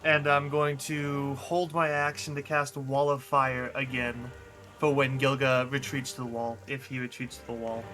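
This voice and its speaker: A man's voice: mid-range voice, little pitch movement, moderate pace, over music. A man playing a tabletop game, explaining spells and rules matter-of-factly. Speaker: player.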